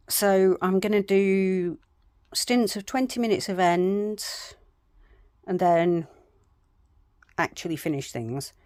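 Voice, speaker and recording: A woman's voice: on the low side, a little mellow, no room sound. A woman vlogging casually from her home craft room, chatty and self-deprecating, rambling with plenty of fillers. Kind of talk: casual chat to camera.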